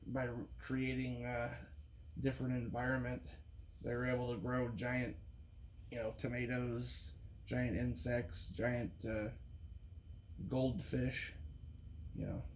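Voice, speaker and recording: A man's voice: medium pitch, level tone, takes it slowly, pauses often, slight background noise. A man in a rambling monologue, talking with frequent restarts and profanity. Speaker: vlogger.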